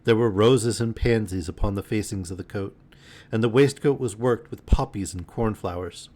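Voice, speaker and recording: A man reading a storybook aloud in a gentle, unhurried bedtime manner on a live stream. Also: lowish voice.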